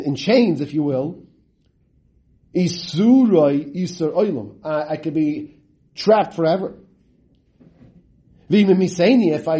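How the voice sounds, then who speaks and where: A man teaches a Talmud lesson in a mellow, somewhat high voice. He reads the Aramaic text and translates it as he goes. He keeps asking his listeners rhetorical questions, with big dramatic swings in pitch.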